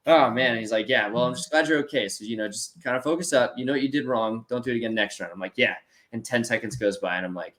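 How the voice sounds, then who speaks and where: A man's voice: medium pitch, fast talker. Young man telling a story. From United States. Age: 20s. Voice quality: animated, acts out voices in his story, many fillers like "dude" and "like". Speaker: interview guest, para snowboarder. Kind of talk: casual storytelling.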